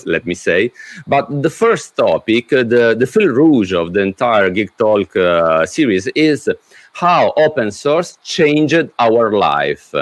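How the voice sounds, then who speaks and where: A man hosts a relaxed talk with a friend. His pitch swings up and down in a lively way, and he keeps stumbling into fillers and restarts as he looks for the English words. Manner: hesitant, many fillers and restarts. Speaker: host. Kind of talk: casual video-call chat.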